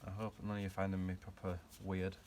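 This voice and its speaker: Chatty man with a low voice. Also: monotone, fairly quick, heavy background noise. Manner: chatty, self-mocking, rambling asides while working. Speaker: hobby car restorer and channel host. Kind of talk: casual workshop vlog chat.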